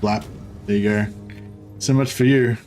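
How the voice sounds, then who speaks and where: A man's voice: fairly low pitch, steady tone, measured pace, a little mellow, soft background music. A man giving casual, rambling commentary while playing a strategy game, wry and thinking aloud. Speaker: video game streamer.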